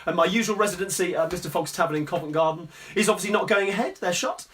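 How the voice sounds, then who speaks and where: A man's voice: high voice, quick pace, fairly bright tone, slight background noise. A man hosting a live-streamed sing-along from his music room at home, chatting in a friendly, rambling way between songs. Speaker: sing-along host and performer. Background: guitar playing.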